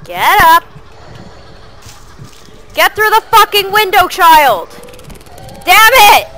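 A woman giving loud, profane gameplay commentary, yelling at her character. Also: very high voice, very animated, takes it slowly, faint music behind, poor audio. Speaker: let's play gamer.

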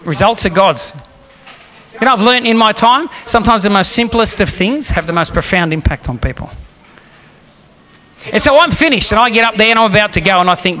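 A male preacher delivers a story-driven sermon with a high, bright, forceful voice. He is animated and acts out each quoted line as he tells it. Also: a little fast. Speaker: guest preacher.

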